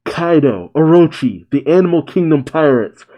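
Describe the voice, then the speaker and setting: A man voicing a young male shogun giving a proud speech to his people, in a slow, declaiming delivery. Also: a little high, expressive, muffled recording, voice pushed up, close to an everyday voice. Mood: proclaiming.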